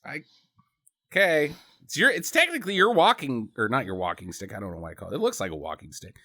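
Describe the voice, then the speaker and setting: A man's voice: mid-range voice, very animated, quick pace, pushed and bright. A man co-hosting a podcast, giving a rambling, profane, casual recap of a bad movie. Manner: rambling and profane, laughs often. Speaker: podcast co-host.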